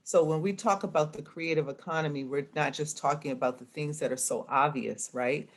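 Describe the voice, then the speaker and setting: A woman's voice: low-pitched, fairly even intonation, a little fast, a little hiss or hum. A woman guest in an interview, an arts association president, speaking reflectively and thinking aloud with restarts. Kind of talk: conversational interview.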